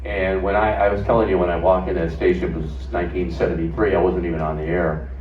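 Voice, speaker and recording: A man's voice: deep voice, flat delivery, fast talker, slight background noise. An older man, a former radio host, recalling his first days at a station. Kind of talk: reminiscing on stage. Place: stage at a music club. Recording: echoey, dull, from far off.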